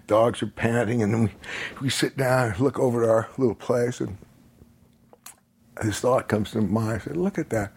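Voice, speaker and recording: Older guest with a breathy, husky voice, unhurried storyteller who chuckles and swears easily. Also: male voice, medium pitch. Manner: laid-back, rambling, chuckling, swears freely. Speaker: podcast guest. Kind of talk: casual storytelling.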